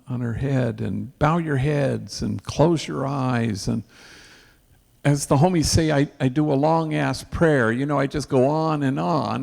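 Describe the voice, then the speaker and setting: A priest tells an earnest story at an event, his man's voice deeply gravelly and full of fry. He sprinkles Spanish slang through his telling, and a long hall reverb trails behind every phrase. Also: a little mellow.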